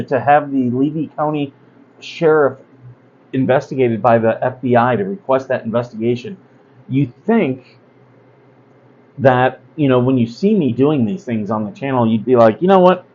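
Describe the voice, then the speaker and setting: A man's voice: mid-range voice, normal speed, a little mellow, lo-fi sound. A man hosting a casual livestream talk, blunt and rambling, with many fillers and asides. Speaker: host.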